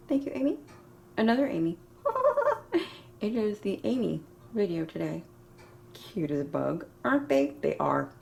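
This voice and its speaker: A woman's voice: lowish voice, creaky, a little hiss or hum. A woman chatting casually to camera as a home baking vlogger, rambling and giggling often, folksy and self-deprecating with the odd mild curse, in a home kitchen.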